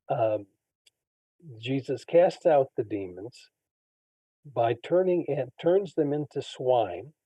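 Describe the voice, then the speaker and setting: A man, a Bible scholar guest, retelling ancient stories in an unhurried conversational way with frequent fillers. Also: mid-range voice, breathy edge, no echo, highs cut off. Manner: unhurried storytelling, frequent fillers, acts out quoted characters.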